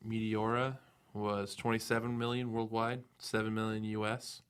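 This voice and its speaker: A man in casual podcast chat, reading out figures in a relaxed, chatty way. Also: on the low side, normal speed, clean tone.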